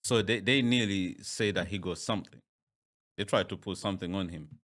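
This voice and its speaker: A man's voice: low voice, a little fast, fairly bright tone. A man hosting a podcast in a casual interview chat, who often repeats words and laughs easily. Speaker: podcast host.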